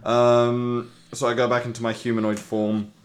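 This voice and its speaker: A man's voice: mid-range voice, completely flat delivery, moderate pace, slight background noise. A man playing a character in a tabletop game, chatting casually and often trailing off tentatively. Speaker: player.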